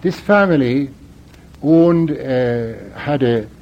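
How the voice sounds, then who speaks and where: A man's voice: medium pitch, slow. An older Irish man, a priest, telling a personal story in a dramatic, emphatic way, heard in a dull lo-fi recording.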